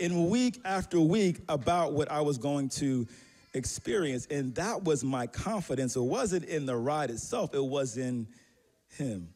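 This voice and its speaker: Male pastor, casual storytelling sermon, light humor, fairly high-pitched for a man. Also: expressive, measured pace, a little mellow. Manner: conversational storytelling with many fillers and restarts; humorous, self-deprecating.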